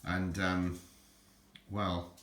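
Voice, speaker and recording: Deep-voiced older man rambling in an echoey room. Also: completely flat delivery, drawn-out words, a bit bright. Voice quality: deep, self-described nappy voice. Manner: rambling, stammering repeats. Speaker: collector showing items. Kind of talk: casual rambling vlog.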